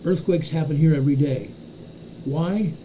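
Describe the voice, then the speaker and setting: A man hosts a live earthquake update, pointing out spots on a map as he goes. He repeats himself for emphasis and keeps checking in with "okay?". His voice sits a little high but sounds very dark and mellow, with a faint hiss underneath. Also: normal speed, low-quality recording. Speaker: host of an earthquake update livestream. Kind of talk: live map walkthrough talking to chat.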